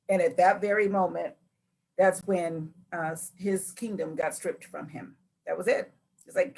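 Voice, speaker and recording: A woman hosting a Bible study, teaching with lively storytelling and acted-out voices. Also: lowish voice, moderate pace, creaky, slightly rough. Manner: acts out scripture figures with lively voices.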